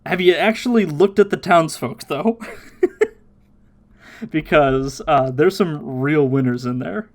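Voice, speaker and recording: A man hosting a podcast, casually recapping an episode with lots of laughter and quick silly voices. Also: a little high, darkish tone. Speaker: podcast host.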